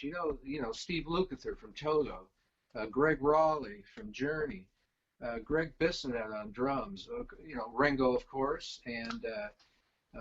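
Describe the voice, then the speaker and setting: A man's voice: fairly high pitch, creaky, a bit bright. Rambling middle-aged man, lo-fi. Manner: rambling, lots of fillers and restarts. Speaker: guest, venue stage crew. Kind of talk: casual storytelling.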